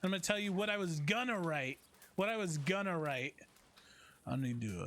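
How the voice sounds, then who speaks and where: A man's voice: sits high, lively intonation, normal speed, a bit bright, a little hiss or hum. A man streaming a role-play game, chatting casually and teasing with frequent laughs. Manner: joking, teasing, laughs often.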